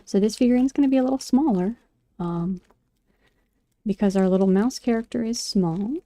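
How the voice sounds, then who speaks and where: While sculpting, a woman who vlogs about crafts and poetry rambles in casual conversation, full of fillers and false starts. She speaks at a normal speed in a warm, mid-range voice, recorded with no room sound.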